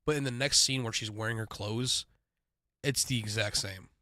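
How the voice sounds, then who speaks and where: Casual male host, chatty reaction streamer with quick asides, dry close sound. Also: on the low side, bright, forceful tone, dry recording. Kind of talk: casual live reaction chat.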